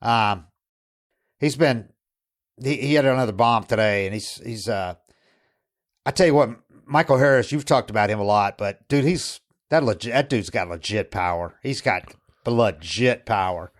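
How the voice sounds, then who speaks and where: A man's voice: lowish voice, normal speed. A man hosting a baseball podcast, talking casually and at length, restarting sentences and quoting players. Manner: rambling, with frequent restarts and quoted asides. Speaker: podcast host. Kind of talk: casual sports talk.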